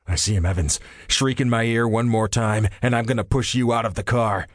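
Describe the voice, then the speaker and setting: A stern male agent speaks in terse, low growls, as a narrator plays him. The read is close and dry, with a deep, grumbling edge. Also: a little fast, dry recording, lightly acted. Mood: gruff. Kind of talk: audiobook character voice.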